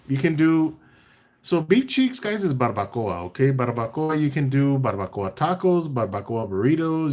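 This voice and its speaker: A man hosting a casual live-stream chat. He talks in a relaxed, chatty way, reads out viewer comments and gives tips between bits of banter. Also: medium pitch. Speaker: barbecue caterer and live chat host.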